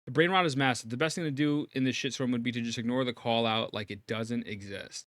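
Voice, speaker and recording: Profane ranting male streamer, bright tone. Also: mid-range voice, fairly even intonation, fast, no echo, studio quality. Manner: profane, ranting, rising to near-shouting. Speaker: streamer host. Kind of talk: heated reaction commentary.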